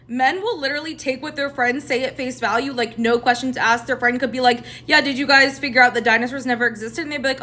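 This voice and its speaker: A young woman telling a dating story to camera, animated and sarcastic, acting out each person's lines. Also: sits high, fairly quick, hardly any pauses. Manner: animated, sarcastic, acts out both sides of the dialogue. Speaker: TikTok storyteller.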